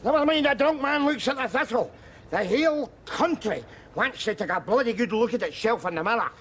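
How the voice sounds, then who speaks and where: An actor playing a rowdy, loudmouthed Glaswegian drunk in his middle years, speaking with a Scottish accent in a combative, theatrical rant. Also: very high-pitched, animated, a little fast, full character voice. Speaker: sitcom character. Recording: TV sitcom audio with crowd and noise.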